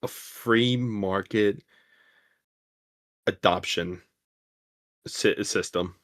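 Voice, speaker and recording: A man's voice: fairly low pitch, very slow, fairly bright tone, no echo. A man in casual stream chat, ranting bluntly and profanely with many restarts.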